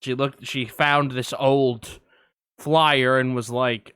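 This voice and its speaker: Bright, clear-voiced man telling stories. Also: mid-range voice, fairly even intonation, slow pace, dry recording, clean studio sound. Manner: rambling anecdote, many fillers. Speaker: podcast co-host. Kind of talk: casual film podcast chat.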